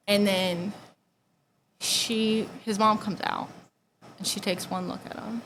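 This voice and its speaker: A woman's voice: mid-range voice, little pitch movement, unhurried, a bit bright, slight background noise, low-quality recording. A young woman giving a personal testimony, casual and full of "like", sometimes dropping to near-whispers. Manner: conversational, heavy use of "like", drops to near-whispers at painful moments.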